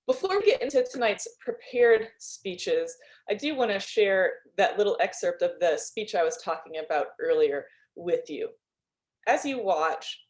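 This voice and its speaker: Upbeat woman hosting a video-call meeting. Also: on the low side. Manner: chatty, upbeat, with fillers and laughs. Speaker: meeting toastmaster. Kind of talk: presenting at an online club meeting.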